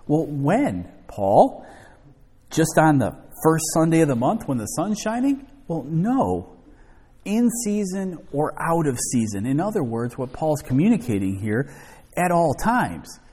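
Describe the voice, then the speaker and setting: A man leads an evening Bible study, reading a passage aloud and then unpacking it point by point. His voice is lively in pitch, with a dark, husky tone. It rings with a long reverb in a church hall. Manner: expository, reads scripture then explains it. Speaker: preacher.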